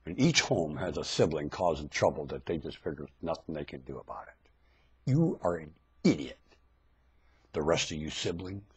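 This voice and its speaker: A man delivering a ranting webcam monologue into a webcam mic, swinging from low muttering to sudden shouted outbursts in a husky voice.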